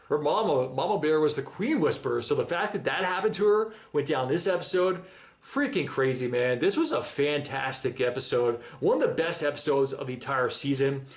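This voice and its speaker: A man giving a casual, enthusiastic and emotional reaction monologue about a TV episode, using slang and nearly choking up. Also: fairly high pitch. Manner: enthusiastic, emotional, slangy, breaks down near tears. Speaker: reaction channel host.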